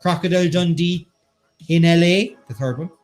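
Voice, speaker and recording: A man's voice: on the high side, normal speed, faint music behind. A man with an Irish accent co-hosting a casual online quiz, bantering and reading out the chat. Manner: joking, bantering, reads chat aloud. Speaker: quiz co-host.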